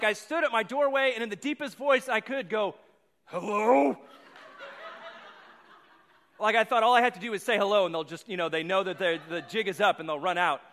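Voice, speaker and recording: High, bright-voiced man preaching in a hall. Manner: rambling storyteller, repeats words. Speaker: pastor. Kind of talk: sermon with personal story. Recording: long hall reverb.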